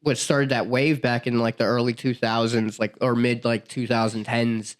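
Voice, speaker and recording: A young man co-hosting a casual podcast, talking loosely with plenty of "uh" and "like" as he recaps a plot. His pitch sits mid-range for a man, and he laughs easily and swears freely. The talk is relaxed and chatty. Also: moderate pace. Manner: rambling, filler-heavy, laughs often. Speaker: podcast co-host. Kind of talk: casual chat.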